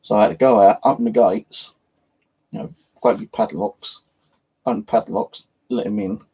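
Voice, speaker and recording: A man's voice: medium pitch, sing-song, moderate pace, creaky, dark tone, breathy edge, low-quality recording. A man, telling a rambling story in casual chat, swearing freely as the host of his own channel.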